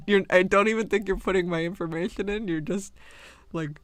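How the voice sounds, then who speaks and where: Chatty man with a higher voice. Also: unhurried, creaky, fairly bright tone, dry recording. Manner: rambling storytelling, laughs often. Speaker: livestreamer. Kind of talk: casual chat while drawing.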